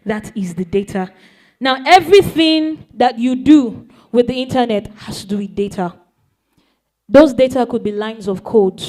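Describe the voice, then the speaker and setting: A woman's voice: on the high side, normal speed, darkish tone. Upbeat woman teaching a young crowd. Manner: playful, asks the audience questions. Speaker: speaker teaching young people. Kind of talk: explaining to a young audience. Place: event hall.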